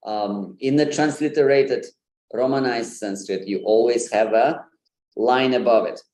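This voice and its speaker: A man's voice: medium pitch, unhurried, a little mellow, roomy sound. A man giving an informal online lesson on pronunciation, with many fillers and light laughs. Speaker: Sanskrit pronunciation presenter.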